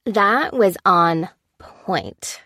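A woman's voice: medium pitch, animated, drawn-out words, pushed and bright, breathy edge, dry recording, clean studio sound, exaggerated voice. A woman voicing a wry, sarcastic middle-aged man with graying hair who trades quips in an audiobook. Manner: wisecracking, sarcastic.

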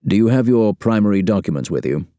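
A man doing a cold spymaster in a deep, dark voice. He talks tersely and measuredly, with long silences between his lines. The sound is dry and close. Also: expressive, fast, no echo, close to an everyday voice. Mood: mild. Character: cold, terse male spy chief.

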